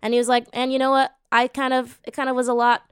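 A woman co-hosting a casual film podcast, telling a story and quoting others in quick asides. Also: high-pitched, little pitch movement, smooth, no echo, clean studio sound. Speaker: podcast co-host.

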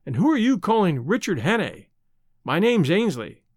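A man voicing a hunted, hungry man putting on a surly, whining tramp act, talking roughly. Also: high-pitched, sing-song, moderate pace, darkish tone, no echo, clean studio sound.

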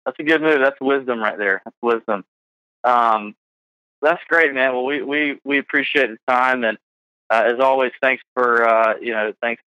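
A man's voice: medium pitch, sharp tone, dry recording, dull audio. A man hosting a podcast in casual chat, rambling with lots of fillers. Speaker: podcast host.

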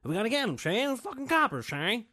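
Man doing old-time gangster, clipped drawl, exaggerated, pitched up. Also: sing-song, fast talker, bright, forceful tone, exaggerated voice. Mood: mocking. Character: old-time tough guy talking like a gangster.

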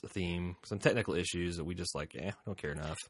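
Low-voiced man in loose podcast chat. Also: fast, creaky, no room sound, clean studio sound. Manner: loose, rambling, swears casually. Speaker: podcast co-host. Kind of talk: casual chat.

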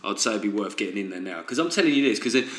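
Sardonic comedian ranting, bright voice. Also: male voice, lowish voice, animated, racing. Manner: sardonic ranting with "right?" asides. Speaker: comedian podcast host. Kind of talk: solo comedy podcast monologue. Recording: roomy echo.

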